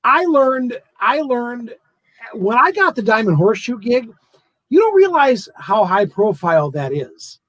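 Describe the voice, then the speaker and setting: A man hosting a casual chat show, talking in an animated, chatty way about his own experiences. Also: very high voice, measured pace, no room sound, rough recording. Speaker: host.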